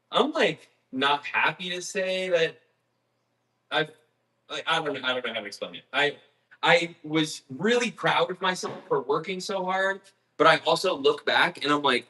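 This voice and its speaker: Bright-voiced, rambling young baker man. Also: fairly high pitch. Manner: rambling and candid, with lots of fillers, laughs and swearing. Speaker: baker and video host. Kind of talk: casual storytelling livestream.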